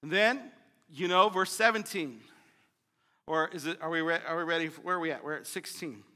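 A man preaching a sermon as pastor, teaching through a passage with impassioned swings from loud to quiet. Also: fairly high pitch, normal speed, in a large hall.

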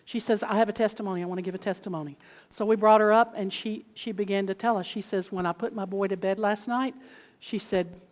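Woman preacher telling testimonies, gets loud then drops to a hush, long hall echo. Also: medium pitch. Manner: animated, swings from loud exclaiming to hushed tones. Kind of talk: sermon storytelling.

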